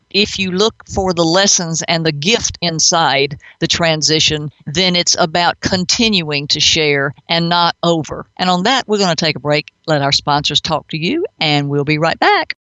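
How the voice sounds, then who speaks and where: A male talk show host with a bright, forward voice muses earnestly in long, winding sentences. The sound is dry and close, with slightly dull, muffled highs. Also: no echo. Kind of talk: reflective talk show commentary.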